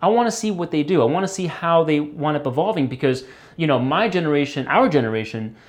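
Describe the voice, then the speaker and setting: Speaking fast in a high, expressive voice, a guest guitarist rambles through a relaxed interview. He leans on lots of fillers and lets an occasional swear word slip.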